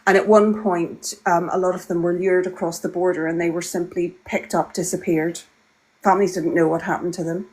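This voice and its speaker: Guest, woman, lower pitch; measured, hesitant delivery with fillers. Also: steady tone, darkish tone, slightly rough, low-quality recording. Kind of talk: casual conversation.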